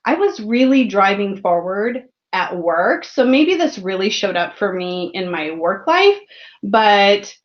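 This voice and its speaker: A woman's voice: medium pitch, big pitch swings, takes it slowly, lo-fi sound. A woman hosting a tarot livestream, chatting casually, greeting viewers by name and laughing often. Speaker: tarot channel host.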